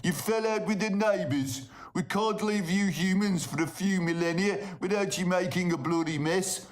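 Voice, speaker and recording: A man's voice: high-pitched, normal speed, voice pushed up, natural voice. A man voicing an exasperated alien man who scolds humanity in blunt, sweary slang. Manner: grumbling telling-off, British slang.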